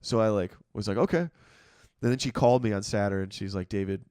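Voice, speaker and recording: A man hosting a podcast in casual chat, relaxed and full of fillers, swearing freely, close to the mic. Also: fairly low pitch, quick pace, clear, resonant tone, dry recording. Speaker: podcast host.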